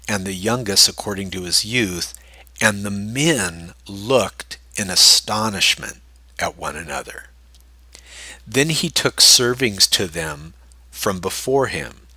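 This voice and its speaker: A man reading scripture aloud and breaking in with casual, animated asides to explain it. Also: sits low, slightly rough, no room sound. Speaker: Bible study teacher.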